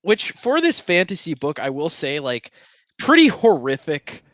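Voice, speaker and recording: Playful man with a lively voice. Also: fairly high pitch, normal speed, no echo. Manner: playful, chuckling commentary. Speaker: podcast co-host. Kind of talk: casual book discussion.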